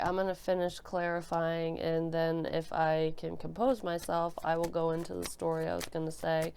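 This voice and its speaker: A woman's voice: sits low, fairly even intonation, normal speed, vocal fry, hardly any pauses, a little mellow, smooth. A woman reading tarot cards as a medium, talking bluntly and emotionally with lots of swearing and restarts, into a desk microphone. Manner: blunt and profane, emotional, thinking aloud with many restarts. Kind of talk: casual tarot reading to camera. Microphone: desk microphone she bumps.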